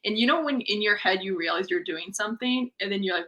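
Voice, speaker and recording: Bright-voiced folksy Midwestern woman. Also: medium pitch, fast talker, few pauses, poor audio. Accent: folksy Midwestern American. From Missouri. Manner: laughs often, self-deprecating. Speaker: stand-up comedian guest. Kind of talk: casual chat.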